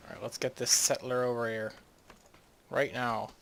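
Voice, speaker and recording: A man's voice: medium pitch, flat delivery, normal speed, vocal fry, long pauses, fairly bright tone, a little hiss or hum. A young man from the northeastern United States, rambling and chatty with many restarts as he narrates his game. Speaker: gamer. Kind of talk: casual game commentary.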